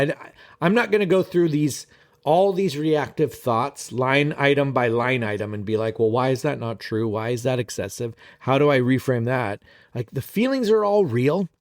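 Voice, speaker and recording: Guy productivity coach vlogging to camera, swears a lot, super animated and kinda high-pitched, talks right at you. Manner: animated, profane, talks straight to viewers. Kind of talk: casual vlog monologue.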